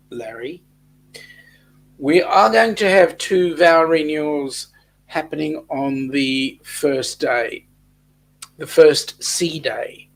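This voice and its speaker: A man's voice: on the high side, poor audio. An Australian man hosting a casual livestream chat, reading out viewer comments and answering them. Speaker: host of a weekly cruise chat livestream.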